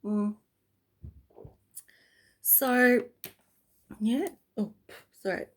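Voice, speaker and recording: A woman's voice: a little high, steady tone, extremely slow. A woman vlogger talking casually to camera, rambling and chatty, breaking into laughs often.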